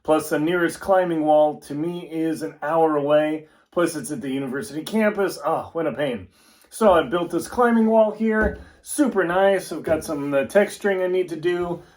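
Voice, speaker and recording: A man's voice: on the high side, moderate pace, darkish tone. Chatty man in an echoey room. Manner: chatty and jokey, talking to the viewer while working. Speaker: home DIY vlogger. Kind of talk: casual how-to narration. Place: home office during building work. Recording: roomy echo in a bare room.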